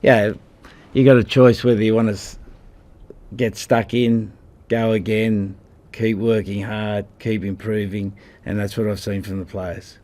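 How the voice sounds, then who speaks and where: A man's voice: on the low side, little pitch movement, measured pace, a little mellow. A man in his sixties from Australia, a rugby head coach answering at a press conference in a blunt, combative way, calling people mate.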